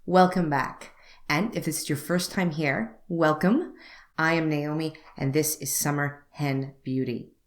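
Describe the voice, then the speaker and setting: A young woman beauty vlogger telling a story to camera, wry and animated, acting out both sides of a conversation. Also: sits low, unhurried.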